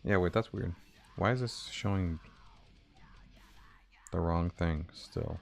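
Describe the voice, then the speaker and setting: A man developing a game on a live stream, talking to himself and swearing casually, his voice a bit hoarse. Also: deep voice, takes it slowly, faint music behind.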